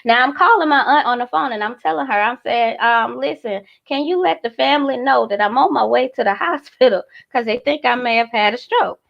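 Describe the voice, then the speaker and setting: A woman's voice: on the high side, fairly quick, vocal fry, few pauses. A woman, telling a personal story in casual chat and acting out each voice. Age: 30s. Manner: animated, acts out every voice in her story. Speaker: guest. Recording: muffled lo-fi audio.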